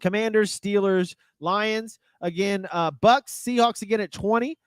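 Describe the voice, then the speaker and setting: A man hosting a sports talk show, chatting casually in an excitable, riffing way and laughing often. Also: high voice, measured pace, smooth, no echo.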